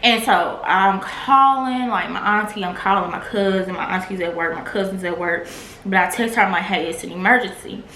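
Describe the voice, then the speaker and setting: A woman's voice: mid-range voice, normal speed, bright, forceful tone. A woman vlogger candidly telling a personal testimony in a casual, filler-heavy way. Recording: echoey room with faint noise.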